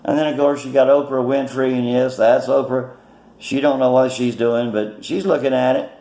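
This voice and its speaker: Man with a raspy gravelly voice, mocking and blunt, rambling vlog rant on a phone in an echoey room. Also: medium pitch, warm tone. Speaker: political vlogger. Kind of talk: casual political commentary.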